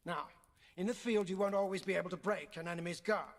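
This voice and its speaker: An actor playing a stern uncle who trains a young fighter with a sword, giving measured commands. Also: male voice, sits high, steady tone. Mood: commanding. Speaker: combat trainer in a game.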